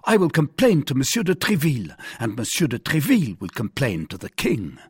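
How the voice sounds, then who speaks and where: A fiery young Gascon swordsman, proud and quick to bristle, his voice pushed high and bold, as a male audiobook narrator puts him on. Lines swing widely in pitch, with a slightly husky edge. It sounds close and dry, like a storybook reading. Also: very animated, no room sound, exaggerated voice. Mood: indignant. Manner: bold, declaiming, raised pitch.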